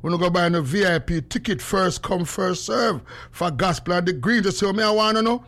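A man's voice: sits high, a little fast. A man with a Jamaican accent hosting a call-in radio show, telling stories in patois with frequent laughter. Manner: animated storytelling in patois, laughing often. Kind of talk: casual call-in radio chat.

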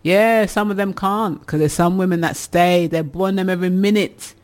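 A woman's voice: lowish voice, steady tone, moderate pace, darkish tone. A woman hosting a casual advice show, reading listener messages and teasing them with laughter. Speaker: radio advice show host.

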